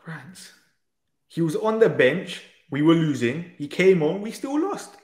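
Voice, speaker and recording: A man's voice: a little high, very animated, unhurried, darkish tone. Exasperated man in an echoey room. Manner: exasperated, insistent, talks over the other man. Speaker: debate guest. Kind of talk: heated football debate.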